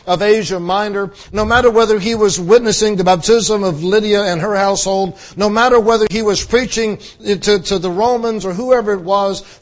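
A male pastor preaching a conversational sermon, repeating phrases for emphasis. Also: high voice.

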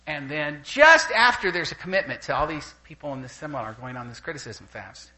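Animated, bright-voiced older male preacher. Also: a little high, brisk, rough recording. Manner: animated storyteller who laughs through anecdotes. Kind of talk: sermon. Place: church gathering with a live audience.

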